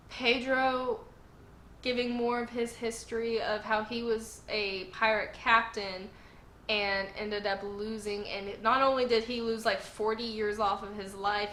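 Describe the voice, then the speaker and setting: A woman's voice: medium pitch, fairly bright tone, a little hiss or hum. A woman recapping episodes in a casual vlog, an emotional, gushing fan who uses a lot of filler words. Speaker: anime review vlogger. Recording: echoey room.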